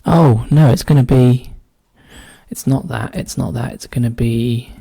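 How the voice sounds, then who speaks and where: A man solving a cryptic crossword, thinking aloud in a casual way and often dropping to a quiet mutter. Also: medium pitch, unhurried, vocal fry, husky, no room sound. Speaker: crossword solver. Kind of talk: casual solo puzzle-solving commentary.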